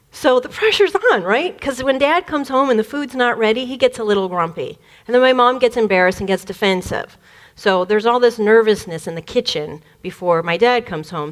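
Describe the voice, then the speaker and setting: A woman from the Detroit area, a spiritual speaker, telling a personal childhood story in an animated way, laughing often and acting out the voices. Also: a little high, a little fast. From Detroit area, USA.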